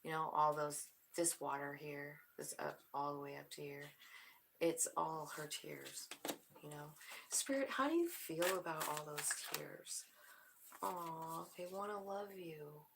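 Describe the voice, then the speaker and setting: A woman giving a spiritual tarot reading, soft-spoken and emotional, often dropping to a whisper. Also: deep voice, a little slow, creaky, background noise. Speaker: tarot reader.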